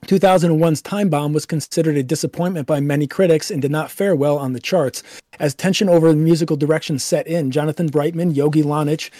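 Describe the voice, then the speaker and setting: A man's voice: a little high, fairly even intonation, fast talker, mellow, dry recording, clean studio sound. A man hosting a casual podcast, reading band history and then raving about an album, swearing casually. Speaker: podcast host. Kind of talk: casual album review chat.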